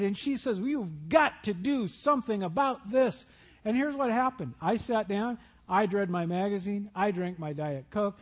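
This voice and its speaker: A man preaching a sermon, telling stories and acting out Bible scenes in voices. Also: sits high. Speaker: pastor.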